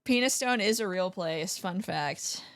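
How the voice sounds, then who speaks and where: Slow-talking giggly young woman streamer. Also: medium pitch, animated, a bit bright. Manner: giggly, swears casually, playful. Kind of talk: casual livestream chat.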